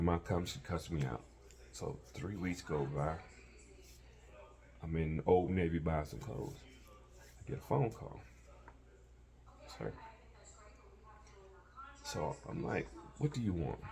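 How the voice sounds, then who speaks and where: A man casually telling a personal story, animated and acting out the voices of people he quotes. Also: sits low, a little slow, vocal fry, long pauses.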